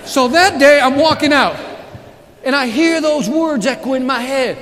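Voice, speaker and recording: A keynote speaker with an extremely high pitch speaks at normal speed, energetically telling motivational stories and calling out to the audience. It's recorded in a large, echoey conference hall with a live crowd.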